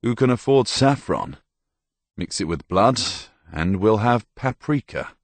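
A jovial older priest in a storybook reading, voiced by a man with a low, gravelly voice. He trades wry jokes in an easy, unhurried way. The sound is dry and close. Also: animated, no echo. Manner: wry, joking. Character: jovial, joking older male village priest.

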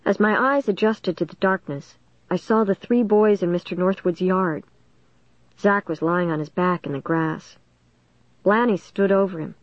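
A woman narrating a first-person suspense story in a steady, dramatic storytelling manner. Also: lowish voice, moderate pace, dry recording, highs cut off. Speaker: audiobook narrator.

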